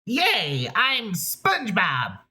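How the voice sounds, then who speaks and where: A wacky cartoon sea sponge, put on by a man, squeaks in a very high, nasal voice. His pitch leaps all over the place as he rambles on excitedly. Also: extremely slow, exaggerated voice. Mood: giddy.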